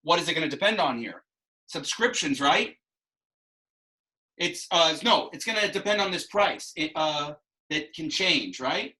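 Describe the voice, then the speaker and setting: A man's voice: fairly high pitch, lively intonation, measured pace, bright, forceful tone, rough recording. A man teaching a math class, explaining ideas with frequent restarts and asides. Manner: explanatory, rambling with many restarts. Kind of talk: classroom instruction.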